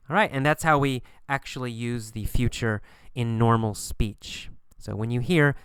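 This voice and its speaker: A man teaching a recorded English lesson, repeating words slowly and encouraging his listeners. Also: mid-range voice, clean tone, no echo, clean studio sound. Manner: slow, repetitive, encouraging.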